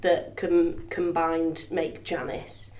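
A woman's voice: low voice, little pitch movement, takes it slowly, darkish tone, reverberant. A woman stage actor speaking enthusiastically in an interview.

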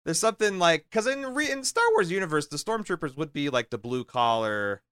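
Male podcast co-host, bright crisp voice, lowish pitch, eager rambler, dry close mic. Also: expressive, a little fast, no echo. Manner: enthusiastic, rambling with many fillers and restarts. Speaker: podcast co-host discussing a film. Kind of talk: casual chat.

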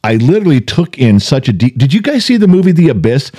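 Older man, podcast co-host, casual storytelling, dark warm tone, big swings in pitch. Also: quick pace. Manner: animated storyteller, acts out voices. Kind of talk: casual chat.

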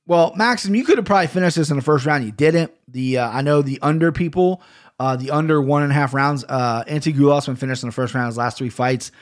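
Profane podcast guy ranting casually into a studio mic, voice on the higher side. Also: fast talker. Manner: blunt, profane, rambling. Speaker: podcast host. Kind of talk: casual podcast rant and fight recap. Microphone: studio microphone.

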